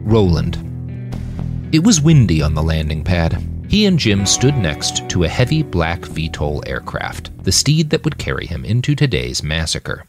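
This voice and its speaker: A man reading his own fiction aloud with an expressive storytelling delivery, close to a dry studio mic. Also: low voice, no echo. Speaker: narrator.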